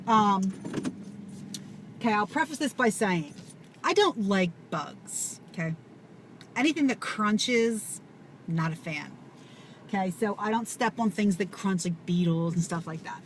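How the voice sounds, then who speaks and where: A woman telling a story to camera in an animated, casual way, swearing and full of fillers. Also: mid-range voice, measured pace, pauses often. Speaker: vlogger. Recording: audible background noise.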